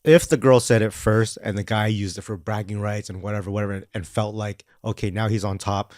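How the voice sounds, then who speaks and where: A man co-hosting a podcast with his wife, talking in a relaxed, rambling way with false starts. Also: on the low side, brisk, dry recording, studio quality. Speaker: podcast co-host. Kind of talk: casual chat.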